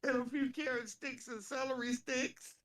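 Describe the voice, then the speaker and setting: A woman co-hosting a casual chat, telling animated, profane stories and laughing through them. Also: high-pitched, normal speed.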